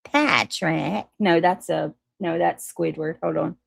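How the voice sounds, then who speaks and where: A woman hosting a casual livestream, chatting with viewers and reading their comments, warm toward them and quick to apologize. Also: lowish voice, flat delivery, gravelly, slightly rough, dry recording, studio quality. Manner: chatty, apologetic, laughs easily, restarts often. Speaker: livestream host.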